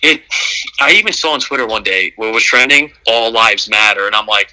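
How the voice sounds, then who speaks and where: Man, casual podcast talk, very bright and sharp tone, low-ish pitch, blunt and emphatic, slangy. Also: brisk, rough recording. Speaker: podcast co-host.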